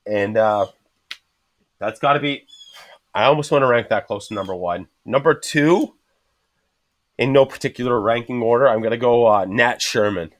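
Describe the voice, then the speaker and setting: Profane, animated man telling bar stories. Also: medium pitch, normal speed, long pauses, no room sound. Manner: swears constantly, animated storyteller acting out quotes. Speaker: podcast host. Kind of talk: casual chat.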